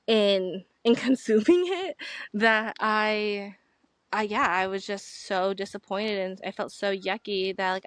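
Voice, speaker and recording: A woman's voice: medium pitch, a bit bright, dry recording. A young woman hosting a podcast, telling a rambling, chatty story as she talks outdoors on a rock at the end of a trail. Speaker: podcast host. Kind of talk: casual vlog monologue.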